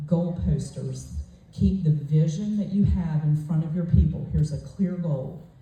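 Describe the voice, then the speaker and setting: A woman's voice: deep voice, unhurried, dark tone, recorded from a distance. A woman gives a forthright, emphatic motivational talk, telling a story to a retreat audience. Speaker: motivational speaker at a sales retreat. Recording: echoey hall, voice off-mic.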